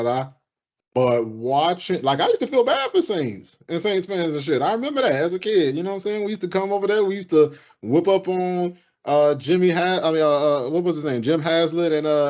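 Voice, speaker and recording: Animated, profane male podcast host. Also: a little fast, muffled recording. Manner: animated, profane, jumps into high mocking voices. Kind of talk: casual sports podcast chat.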